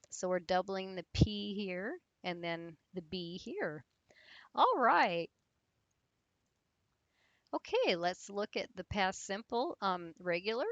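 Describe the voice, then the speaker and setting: Slow, patient woman teaching grammar. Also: on the low side, fairly bright tone, no room sound. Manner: patient, slow, spelling words out with fillers. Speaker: English teacher. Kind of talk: grammar lesson explanation.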